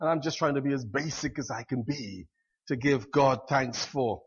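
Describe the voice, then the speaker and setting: A man's voice: mid-range voice, moderate pace, breathy edge, dull audio. A man preaching a sermon in a chatty, self-deprecating way, full of fillers and asides.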